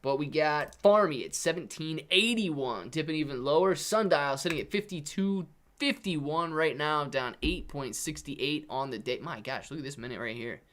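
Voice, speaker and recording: A man with a slightly high voice runs a casual live stream of market commentary. He talks in an upbeat, chatty way, calling out prices and thanking viewers by name. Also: normal speed, fairly bright tone. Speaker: live-stream host reading viewer chat.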